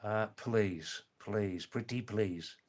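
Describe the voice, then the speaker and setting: A man with an Australian accent chatting on a live stream, reading viewer comments slowly and clearly with frequent chuckles. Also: fairly low pitch, a little mellow.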